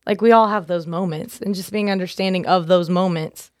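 A woman's voice: on the low side, steady tone, a little fast, dry recording, studio quality. A woman guest on a podcast, chatting casually and filling her talk with "like". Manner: chatty, many "like" fillers. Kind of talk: casual chat.

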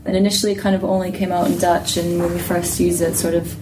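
A woman on a casual podcast panel, chatty and hedging as she talks. Her voice is fairly low and flat. She sounds far from the mic, with noticeable noise behind her. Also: fast talker. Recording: distant mic with background noise.

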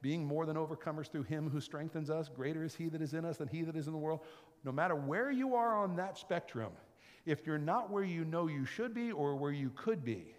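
A man preaching a sermon, telling the story with dramatic swings from loud and excited to quiet and whispered. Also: fairly high pitch, normal speed, in a large hall.

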